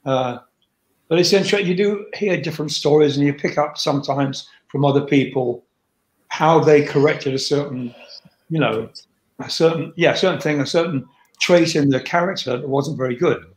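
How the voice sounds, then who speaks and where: An older man, a rock singer, speaks as an interview guest in a candid, blunt conversation, swearing freely. His voice is on the high side at normal speed, and the recording has a roomy echo.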